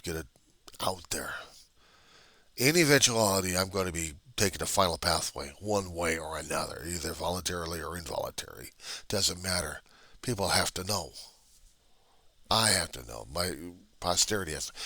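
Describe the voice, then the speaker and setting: Recorded on a computer webcam with no room sound, a man speaks in a deep, expressive voice, fairly quick, with a bright, forceful tone. His personal video diary is raw and agitated, repetitive and laced with profanity.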